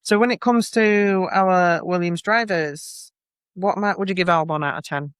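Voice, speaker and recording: A chatty man hosting a podcast, thinking out loud and circling back on his words. His voice sits a little high and sounds smooth and clean. It is recorded close and dry, with no room sound. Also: measured pace, dry recording. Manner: chatty, musing aloud, hesitant restarts. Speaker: podcast host. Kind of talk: casual podcast chat.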